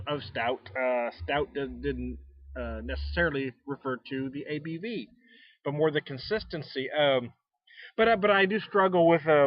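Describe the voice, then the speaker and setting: A man's voice: fairly high pitch, highs cut off. An American man hosting a casual beer tasting vlog, sitting out back and talking in a folksy, rambling way with frequent chuckles. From United States. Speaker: beer reviewer. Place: outdoors out back.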